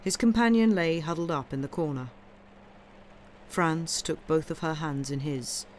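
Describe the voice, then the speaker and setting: A woman reading a classic short story aloud in a calm, measured audiobook narration. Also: sits low, a little hiss or hum. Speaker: reader.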